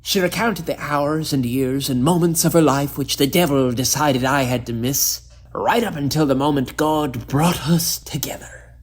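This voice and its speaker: A man's voice: mid-range voice, normal speed, few pauses, lightly acted. A man playing a lovestruck old sea captain who talks in old sailor speech and growls, in a storytelling piece. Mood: earnest.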